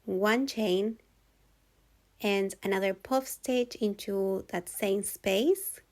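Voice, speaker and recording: Woman walking you thru crochet stitches, super slow and patient, middle-pitched voice. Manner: calm, patient, repeats steps slowly. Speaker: crochet instructor. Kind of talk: step-by-step tutorial voice-over.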